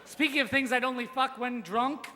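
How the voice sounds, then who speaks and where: A young man with a very high, bright voice delivers a crude, self-deprecating roast from a stage mic in a large hall. His voice carries a long reverb tail, with faint ambience behind it. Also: steady tone, moderate pace. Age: young adult. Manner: crude, self-deprecating jokes with rising shouted punchlines. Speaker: roast speaker. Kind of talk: stand-up roast set. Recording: live hall recording with reverb.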